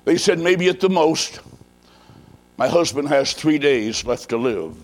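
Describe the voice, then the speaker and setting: Man voicing a hushed, worried wife. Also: low voice, animated, unhurried, voice pushed down. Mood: distressed.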